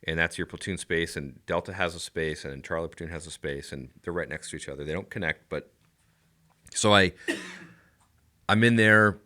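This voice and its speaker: A man with a deep voice and a bright, forceful edge, telling stories in relaxed podcast chat. He is animated, acts out the voices of others and laughs often. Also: moderate pace. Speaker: podcast guest, former Navy SEAL. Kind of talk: casual storytelling chat.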